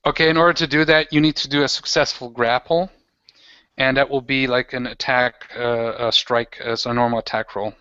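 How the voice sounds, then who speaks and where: A man acts as game master for a tabletop role-playing game, talking the players through the rules with lots of fillers and restarts. His voice is bright and crisp. The recording is dry, dull and lo-fi. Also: medium pitch, steady tone, no echo. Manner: halting, filler-heavy explaining.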